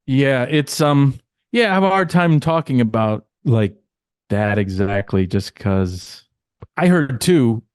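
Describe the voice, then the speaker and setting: A man's voice: mid-range voice, expressive, slow pace, clear, resonant tone, dry recording, clean studio sound. A man co-hosting a casual podcast, telling backstage stories animatedly, acting out quotes, swearing and laughing often. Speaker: podcast co-host, former insider.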